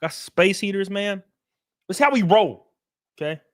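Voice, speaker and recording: A middle-aged man, hosting a casual livestream, joking loudly and reading out chat messages. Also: high-pitched, lively intonation, normal speed, no room sound, studio quality. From Alabama. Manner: loud, joking, reads chat. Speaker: streamer host. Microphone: headset.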